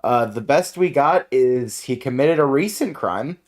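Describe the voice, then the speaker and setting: A man's voice: medium pitch, lively intonation, measured pace, a little mellow. Tired man playing a tabletop game. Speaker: player. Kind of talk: casual tabletop game play.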